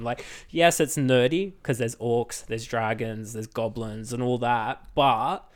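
A man co-hosting a board game podcast, telling a story in a casual, animated way and laughing often. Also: mid-range voice, unhurried, few pauses. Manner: laughs often, animated retelling with acted quotes. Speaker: podcast host.

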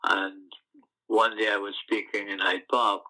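Older man, from the West Indies, low voice, bright and forceful tone, storytelling interviewee. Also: rough recording. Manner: storytelling, animated recollections with halting restarts. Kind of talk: oral history interview.

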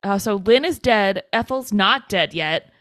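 A woman's voice: mid-range voice, animated, unhurried, fairly bright tone, dry recording, studio quality. A woman co-hosting a podcast, giving a playful, casual recap of a horror film's plot. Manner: playful and laughs easily, walks through plot beats. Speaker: podcast co-host.

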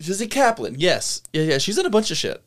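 A man's voice: sits high, sing-song, a little fast, a bit bright. A man co-hosting a casual podcast, chatting about movies in a rambling, jokey way. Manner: rambling, jokey, sings and mimics. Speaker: podcast co-host. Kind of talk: casual chat.

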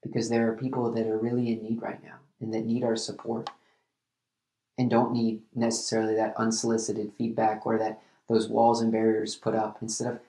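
A man hosting a solo podcast, talking earnestly and reflectively, often halting and restarting his sentences. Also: fairly low pitch, completely flat delivery, warm tone, reverberant. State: emotional at times. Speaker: podcast host.

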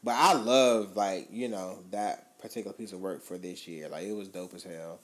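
A man's voice: low-pitched, moderate pace. A man co-hosting a podcast, chatting casually about his favorite albums in loose, slangy talk with easy swearing. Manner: laid-back slangy talk, swears freely. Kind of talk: casual chat about music.

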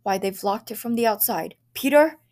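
A woman's voice: medium pitch, normal speed, a little mellow, close to an everyday voice. Stern exasperated dad, firm clipped delivery, storybook reading, a woman voicing him. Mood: frantic. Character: stern fed-up father, middle-aged man.

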